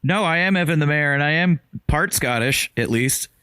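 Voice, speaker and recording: A man co-hosting a casual podcast, trading teasing, deadpan jabs with his friend. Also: fairly high pitch, moderate pace, smooth, dry recording, studio quality. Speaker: podcast co-host. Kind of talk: casual comedic chat.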